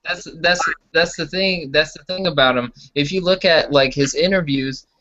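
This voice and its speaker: A man's voice: fairly high pitch, moderate pace, bright, forceful tone, dry recording. A man in casual group chat, retelling comedy bits with loose, laughing asides. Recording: dull lo-fi sound.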